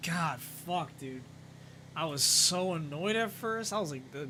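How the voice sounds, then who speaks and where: A man's voice: a little high, lively intonation, moderate pace, bright, forceful tone, slight background noise. A man streaming a role-play game, talking to himself, swearing often and swinging between frustration and disbelief. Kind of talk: live game-stream commentary.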